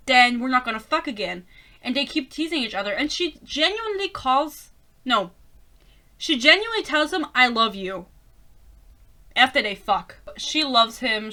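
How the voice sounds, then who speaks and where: A young woman with a bright, fairly high voice rants about a book in a casual vlog. She is sarcastic and exasperated and swears freely. English is not her first language. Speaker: book reviewer.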